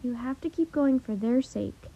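A woman's voice: high voice, moderate pace, creaky, breathy edge, heavily acted. A woman reading the pleading, earnest lines of a young boy in a storybook. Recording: dull lo-fi audio.

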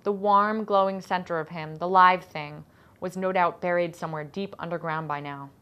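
A woman, the author, reading her children's novel aloud in an expressive storytelling voice. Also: fairly low pitch, normal speed, smooth, lo-fi sound. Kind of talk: audiobook-style narration of a children's novel.

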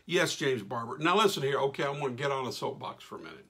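Gravelly man hosting a live stream. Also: medium pitch, lively intonation, fast. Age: middle-aged. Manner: folksy, enthusiastic, shout-outs to viewers. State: losing his voice. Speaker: radio host reading live comments. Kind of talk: casual live-stream chat.

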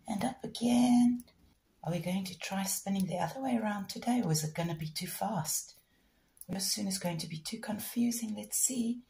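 A woman with a hoarse, gravelly voice, chatting softly in baby talk to her pet budgie while training it. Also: mid-range voice, moderate pace, slight background noise. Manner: soft coaxing baby talk. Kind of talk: casual vlog talk to a pet bird.

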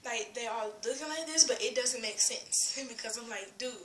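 A woman's voice: on the high side, moderate pace, fairly bright tone, a little hiss or hum. A teenage girl ranting in a casual vlog, rambling with lots of fillers, giggling and dropping into whispers. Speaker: vlogger. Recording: echoey room.

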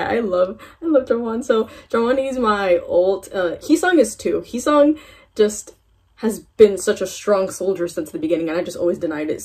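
A woman's voice: mid-range voice, darkish tone, husky. A young woman vlogging a K-pop reaction, gushing and fangirling, with a tired voice after waking up early. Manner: gushing, fangirling, lots of "oh my god" and "like". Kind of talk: excited reaction vlog chat. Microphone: phone camera.

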